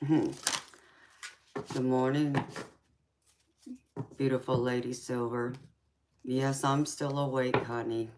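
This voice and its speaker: A woman's voice: extremely low pitch, steady tone, drawn-out words, long pauses, noisy background. A woman hosting a live tarot stream, chatting casually and affectionately with viewers late at night. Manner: laid-back, affectionate, calls viewers honey and baby.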